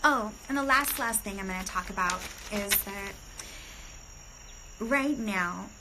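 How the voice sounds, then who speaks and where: A woman's voice: mid-range voice, slow pace, background noise. Chatty, profane woman streaming live. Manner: breezy, chatty and profane, with lots of "like". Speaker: livestream host. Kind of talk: casual spiritual livestream talk. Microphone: phone camera on a live stream.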